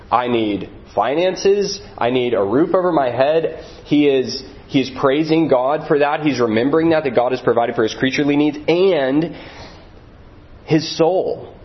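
Male pastor, earnest sermon, repeats for emphasis, mid-pitched voice, slightly dull recording.

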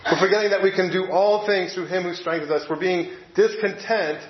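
Male preacher, fairly high voice, relaxed conversational sermon delivery, roomy echo. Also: brisk, a little hiss or hum. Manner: conversational, reads quotes aloud, occasional repeated words. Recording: echoey room, slightly dull sound.

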